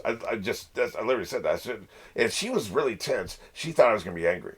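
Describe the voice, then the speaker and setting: Husky guy rambling on his podcast, wry and self-mocking, pitch bouncing all over. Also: animated, racing, few pauses. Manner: wry, self-deprecating, profane, rambling with restarts. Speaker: podcast host. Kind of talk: casual storytelling monologue.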